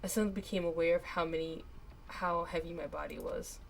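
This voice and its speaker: A woman streamer reading a game aloud and voicing its characters, animated, with a voice that cracks and goes raspy up high. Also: brisk, slight background noise. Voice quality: raspy in higher register. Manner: animated, laughs often, voice cracks on high notes. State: hiccups.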